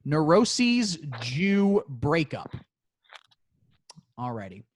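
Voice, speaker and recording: A man's voice: a little high, very animated, drawn-out words. A man co-hosting a crude comedy podcast and running a movie quiz, talking in a playful, teasing, mock-boastful way.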